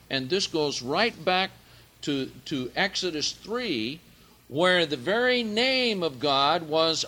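A man leading a verse-by-verse Bible study, speaking deliberately and swelling loud and emphatic when he quotes scripture. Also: a little high, lively intonation. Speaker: Bible teacher.

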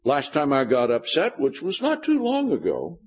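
A man's voice: on the high side, wildly swooping pitch, normal speed, husky, lo-fi sound. A man preaching a sermon, often turning to the congregation with questions. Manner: keeps asking the congregation questions.

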